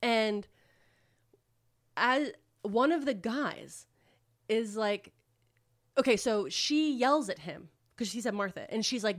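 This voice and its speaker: A woman's voice: fairly high pitch, animated, takes it slowly, long pauses. A woman co-hosting a podcast, retelling a book plot in a rambling, casual way with lots of filler words and swearing. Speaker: podcast co-host. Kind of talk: casual book recap chat.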